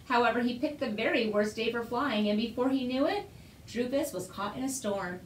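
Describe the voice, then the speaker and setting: A woman reading a children's picture book aloud with lively, expressive narration. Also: on the high side, moderate pace, slight background noise. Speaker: storyteller. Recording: roomy echo.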